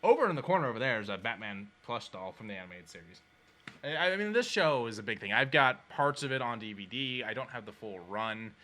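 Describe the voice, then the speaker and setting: A man co-hosting a casual podcast, telling stories with lively energy and acting out the voices of the people in them. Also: medium pitch, brisk. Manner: animated storyteller, acts out quoted voices. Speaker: podcast co-host. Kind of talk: casual chat.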